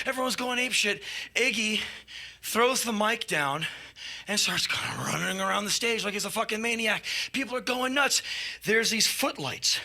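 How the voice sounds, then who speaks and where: A man telling a wild rock-and-roll story on a live stage, profane and animated, bursting into shouted sound effects. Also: high voice, normal speed, vocal fry. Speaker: spoken-word performer. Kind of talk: live spoken-word storytelling. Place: live stage before an audience.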